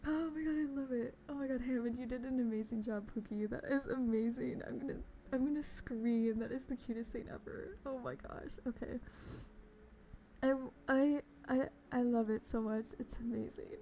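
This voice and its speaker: A woman's voice: a little high, steady tone, normal speed, dark tone, a little hiss or hum. A woman streamer chatting casually on a live stream, gushing and giggling as she greets her viewers.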